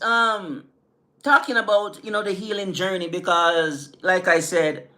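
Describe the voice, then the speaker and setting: A man's voice: high voice, fairly even intonation, a little slow, bright, forceful tone. A middle-aged man from the Caribbean islands with an island accent, hosting a casual livestream, laid-back and peppering his talk with "man" and "you know". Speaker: livestream host. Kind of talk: casual livestream chat with viewers.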